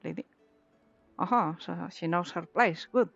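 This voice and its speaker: A woman voicing a brash, foul-mouthed female pirate captain from a video game, with a gruff put-on pirate accent and rolled R's. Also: lowish voice, a little slow, no echo, muffled recording, faint music behind. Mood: scornful. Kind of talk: reading game dialogue aloud in voices.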